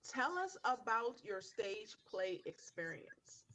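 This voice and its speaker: A woman co-hosting a casual podcast chat in a playful, expressive way. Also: medium pitch, slow, slight background noise, low-quality recording. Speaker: podcast co-host.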